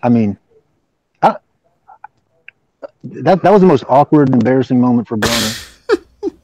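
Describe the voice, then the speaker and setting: A man co-hosting a boxing podcast by call, telling a story in an excitable, profane, rambling way. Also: mid-range voice, unhurried, dry recording. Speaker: podcast co-host calling in. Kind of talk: casual chat. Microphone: call-in line. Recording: dull lo-fi call audio.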